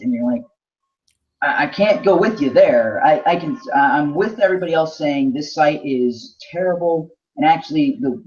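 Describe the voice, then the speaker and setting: A man's voice: mid-range voice, darkish tone, slight background noise. Man reasoning aloud, lo-fi sound. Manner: measured, reasoning aloud with restarts. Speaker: podcast co-host. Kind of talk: casual discussion. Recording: dull lo-fi sound.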